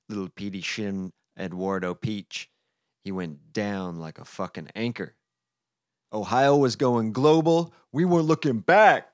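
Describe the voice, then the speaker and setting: Slow, deep-voiced sardonic man reading. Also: no room sound. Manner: sardonic, profane asides. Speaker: comedy podcast host reading a parody story. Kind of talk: crude comedic storybook reading.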